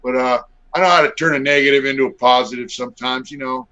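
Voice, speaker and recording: A man's voice: medium pitch, fairly even intonation, fast talker, sharp tone. A middle-aged man telling stories on a video call interview in a blunt, profane, laid-back way full of fillers. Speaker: guest. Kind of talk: casual storytelling interview. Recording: dull lo-fi audio.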